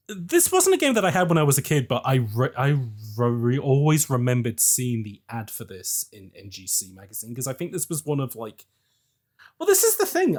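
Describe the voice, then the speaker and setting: Lively, animated man on a podcast. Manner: animated, laughs often, jumps between high and low. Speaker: podcast co-host. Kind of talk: casual chat. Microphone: remote call mic.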